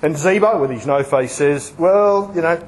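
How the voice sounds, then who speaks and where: Male preacher, high voice, lively sermon full of questions to the audience. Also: moderate pace, a little hiss or hum, rough recording. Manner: lively, asks the audience questions and acts out examples.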